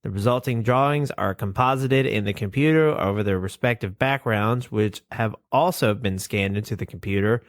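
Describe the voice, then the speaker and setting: A man's voice: fairly low pitch, no room sound. Nasal-voiced man on a podcast. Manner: reads definitions aloud quickly, swears casually. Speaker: podcast co-host. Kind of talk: casual podcast chat.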